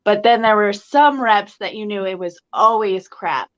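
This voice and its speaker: Female guest, mid-pitched, easygoing casual chatter, dull recording. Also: moderate pace. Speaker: podcast guest. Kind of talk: casual chat.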